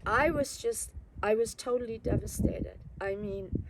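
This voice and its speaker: A woman's voice: a little high, a little slow. A woman from Germany, reflectively and candidly recounting her life story in an interview. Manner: reflective, candid, wry at times. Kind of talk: personal oral history. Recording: loud background noise, passing vehicles.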